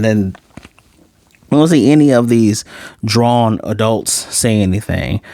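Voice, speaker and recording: A man's voice: lowish voice, darkish tone, no echo, clean studio sound. A man in his late thirties giving a casual, rambling anime review, often correcting himself and wandering into chatty asides. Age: 30s.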